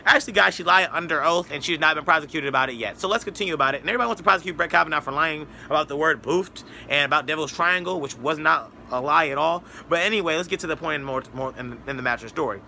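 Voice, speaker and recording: Bright, gravelly-voiced man ranting fast. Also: a little high, slight background noise. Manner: rambling, sarcastic, mocking quotes. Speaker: political commentator. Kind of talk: casual opinion monologue.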